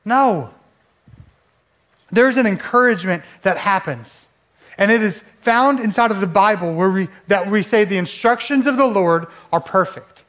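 High-voiced man preaching a sermon. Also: fairly bright tone. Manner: conversational preaching with rhetorical questions. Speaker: pastor.

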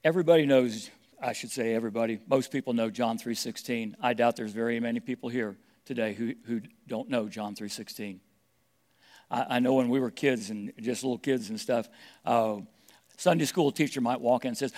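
Emphatic preacher. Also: male voice, mid-range voice, a little fast, a little mellow. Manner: emphatic preaching with repeated phrases. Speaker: pastor. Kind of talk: sermon.

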